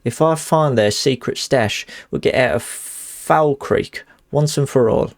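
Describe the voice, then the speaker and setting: A man putting on a Cockney thief, gravelly and theatrical. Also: mid-range voice, measured pace. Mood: scheming. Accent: put-on Cockney with northern slips. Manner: hammy, theatrical reading aloud. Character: scheming male thief writing to his love.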